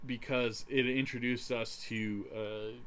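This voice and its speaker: A man's voice: mid-range voice, flat delivery, a little slow, fairly bright tone, a little hiss or hum. A man from Canada co-hosting a podcast, chatting casually and walking through plot details. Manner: easygoing, explains plot points at length. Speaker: podcast co-host. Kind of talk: casual chat.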